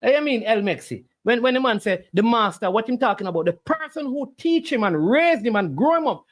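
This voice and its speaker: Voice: mid-range voice, lively intonation, fairly quick, few pauses. A livestream host, arguing back at the chat with preachy rhetorical questions. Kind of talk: casual argumentative livestream talk.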